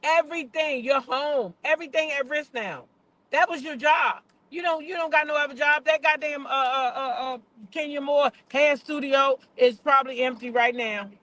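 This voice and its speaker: Bright-voiced, blunt older woman host. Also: high-pitched, normal speed. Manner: chatty, blunt and profane, repeats points for emphasis; talks directly to live chat viewers. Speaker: gossip show host. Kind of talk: casual livestream gossip commentary.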